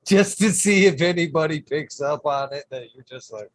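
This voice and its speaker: A man's voice: fairly high pitch, moderate pace, low-quality recording. A man hosting a casual podcast, mischievous and rambling through joke ideas. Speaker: podcast host. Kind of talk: casual chat.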